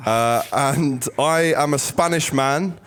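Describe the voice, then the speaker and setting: A man's voice: a little high, takes it slowly, a bit bright. A man hosting a live studio lifestyle show, setting up improv scenes for his guests. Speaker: host. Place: London studio.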